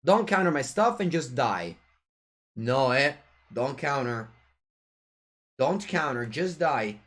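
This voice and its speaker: In a sing-song, fairly bright voice of medium pitch, a streamer with an Italian accent slowly narrates his card game as he plays it live. He keeps things playful, talking with viewers and taunting his rival.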